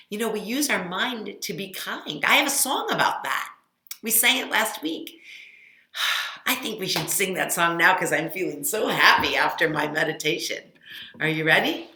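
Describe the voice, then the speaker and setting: Children's teacher, woman, lowish bright voice, unhurried and encouraging. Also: echoey room, rough recording. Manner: slow, gentle and encouraging, addressing children. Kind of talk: children's lesson with song and story reading.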